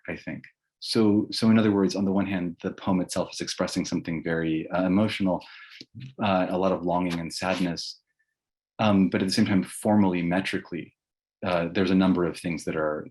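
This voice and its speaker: A man with a deep, low-pitched voice delivers a public lecture on poetry. He explains in an academic manner, working through his points aloud as he goes.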